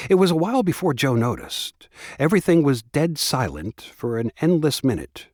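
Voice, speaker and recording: A man narrating an audiobook in a measured, expressive storytelling manner, recorded close on a studio mic. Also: mid-range voice, husky, dry recording. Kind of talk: scripted narration.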